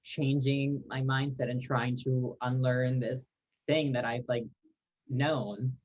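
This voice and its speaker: A man speaks reflectively as a podcast guest and slows down to stress his points. The recording sounds dull and muffled. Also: mid-range voice, level tone. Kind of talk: casual conversation.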